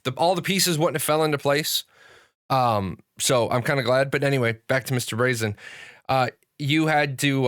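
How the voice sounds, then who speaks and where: A man's voice: medium pitch, fairly bright tone, no room sound. Rambling male show host, dry sound. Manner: rambling storyteller, many fillers and restarts. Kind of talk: casual livestream chat.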